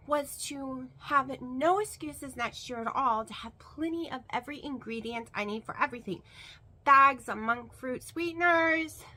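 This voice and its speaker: A woman vlogger chats to her camera in a high, bright voice. She rambles with fillers and repeats words for emphasis. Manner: rambling and chatty, with many fillers. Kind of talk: casual chat to camera.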